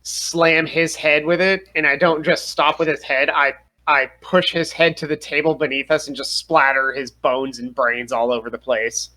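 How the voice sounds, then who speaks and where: Bright-voiced man playing a tabletop game. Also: a little high, little pitch movement, normal speed, rough recording. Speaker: player. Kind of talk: casual chat.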